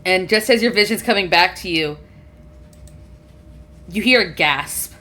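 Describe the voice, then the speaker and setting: A woman's voice: lowish voice, measured pace, pushed and bright. A woman narrating as game master of a tabletop game, giggly and rambling with many fillers.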